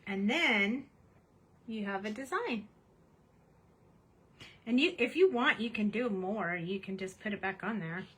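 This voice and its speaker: Bright-voiced cheerful crafting woman. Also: mid-range voice, a little slow, long pauses, slightly rough, rough recording. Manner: chatty and cheerful, narrating her steps. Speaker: craft tutorial host. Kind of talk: casual craft demonstration. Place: home craft desk.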